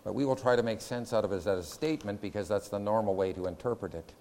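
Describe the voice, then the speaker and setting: A man's voice: fairly low pitch, fast, darkish tone, in a large hall, slight background noise. A man giving a classroom lecture on scripture, laying out points in numbered order and putting questions to his students. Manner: methodical, counts points aloud, asks the class questions.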